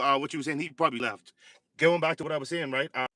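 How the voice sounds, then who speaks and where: Bright-voiced man hosting a halting livestream chat. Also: on the high side, dry recording, clean studio sound. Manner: halting, many repeated words and fillers. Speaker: livestream host. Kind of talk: casual livestream talk.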